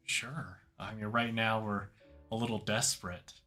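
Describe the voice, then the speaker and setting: A man's voice: lowish voice, fairly even intonation, unhurried, bright, forceful tone, soft background music. A man narrating as game master in an improvised tabletop game, talking loosely with lots of fillers.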